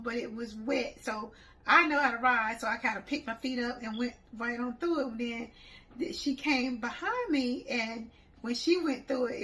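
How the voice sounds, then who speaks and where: A woman with a voice pitched a bit above the usual, recounting a group outing off the cuff. She speaks as a travel organizer, chatty and loose, laughing as she retells the story. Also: fairly bright tone, low-quality recording. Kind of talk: casual anecdote telling.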